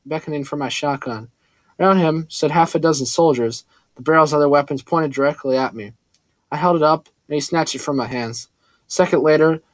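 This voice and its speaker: A man reading a first-person story aloud in a steady, earnest way. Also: a little high, no echo. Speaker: audiobook narrator. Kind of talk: first-person scripted narration.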